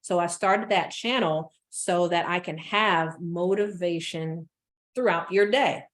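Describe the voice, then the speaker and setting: A woman business coach giving an energetic motivational talk, repeating phrases for emphasis. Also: on the low side, slow.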